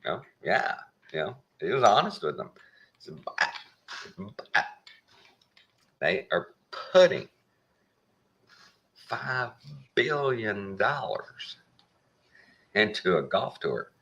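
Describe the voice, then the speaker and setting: A man's voice: lowish voice, very animated, takes it slowly, pauses often, fairly bright tone. A man with a Texan accent giving a folksy, plain-spoken opinion monologue with a wry edge. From Texas. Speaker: show host.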